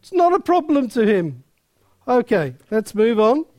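Preacher guy, really high voice, lively and emphatic, slows down to hammer points. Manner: animated, emphatic, swings loud and slow on key points. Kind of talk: sermon.

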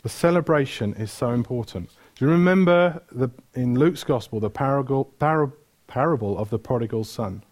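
A man's voice: medium pitch, animated, normal speed, hardly any pauses, a little mellow. A man preaching a sermon, retelling stories with energy, asking the room questions and correcting himself mid-flow.

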